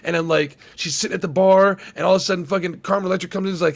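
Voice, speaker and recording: A man in casual movie review chat, animated and swearing, acting out scenes in quick voices. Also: sits high, vocal fry. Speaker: podcast co-host.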